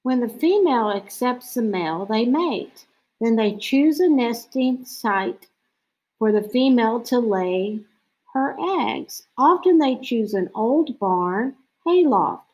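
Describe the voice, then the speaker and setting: A woman reads a nature picture book aloud as a lesson. Her voice sits a little high and she takes her time, reading slowly and clearly. She sometimes breaks into playful owl-call imitations. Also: animated, darkish tone, low-quality recording. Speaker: teacher reading to children.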